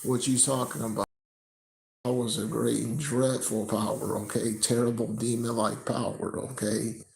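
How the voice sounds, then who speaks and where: A man teaching from scripture, tagging nearly every sentence with "okay?" and reading the verses slower and louder. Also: medium pitch, flat delivery, creaky, low-quality recording. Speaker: preacher.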